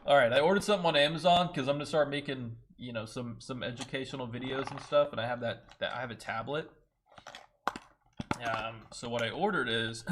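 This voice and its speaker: A man's voice: mid-range voice, background noise. A young man chatting casually on a trading livestream, swearing freely and talking to his chat. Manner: swearing, laid-back, talks to chat.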